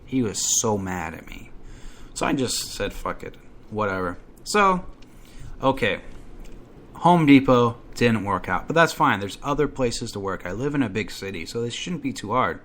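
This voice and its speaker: A man telling a comic story about himself in a profane, animated rant, acting out his own outbursts. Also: on the low side, normal speed. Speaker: podcast storyteller. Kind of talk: comedic first-person rant.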